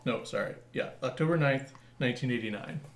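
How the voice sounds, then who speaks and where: A man's voice: mid-range voice, fairly quick. A man co-hosting a comedy podcast, chatting casually with lots of hesitant fillers. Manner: meandering, hesitant, with frequent fillers. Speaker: podcast co-host. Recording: roomy echo.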